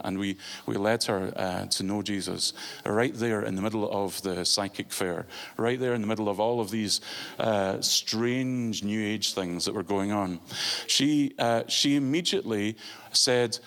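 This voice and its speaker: A man preaching a sermon in an earnest, halting way, telling a story with frequent fillers and restarts. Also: fairly low pitch, fairly bright tone.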